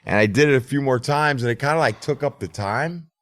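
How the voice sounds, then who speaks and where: A man's voice: mid-range voice, fairly quick, fairly bright tone, no room sound, clean studio sound. A middle-aged man telling a casual, profane story as a podcast host. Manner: profane, laid-back storyteller.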